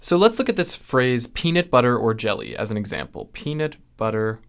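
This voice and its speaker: A young American man with a General American accent teaches phonetics in a measured voice. His pitch sits in the middle range, and he pauses on fillers and restarts now and then. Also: big pitch swings, vocal fry. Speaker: linguistics video host. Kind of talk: explanatory lesson.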